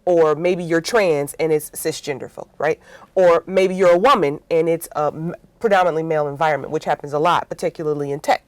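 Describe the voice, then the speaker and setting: Animated woman with a dry close sound. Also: sits low, brisk, no echo. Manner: animated storytelling with acted-out quotes; frequent "right?" tags. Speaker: interview guest, workplace consultant. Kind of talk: conversational interview.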